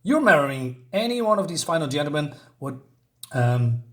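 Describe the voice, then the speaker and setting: A man reading aloud the lines of a smug, manipulative male cat from a comic, in a fairly high voice. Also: sing-song, normal speed, a bit bright.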